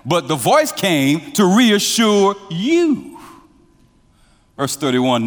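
A man preaching a sermon as pastor. He drops to hushed lines, rises to emphatic ones, and has the congregation finish his sentences. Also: high voice, wildly swooping pitch, extremely slow, pauses often. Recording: long hall reverb.

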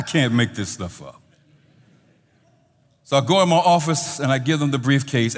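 A male pastor telling a story in a sermon, animated, his voice trailing off softly at the ends of phrases. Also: mid-range voice, measured pace, long pauses, big-room sound.

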